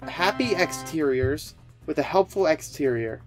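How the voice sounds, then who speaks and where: A man with a somewhat high voice giving sarcastic commentary on a video. He rambles, restarts his sentences and throws in snarky asides. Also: lively intonation, a little slow, music in the background. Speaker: commentary youtuber.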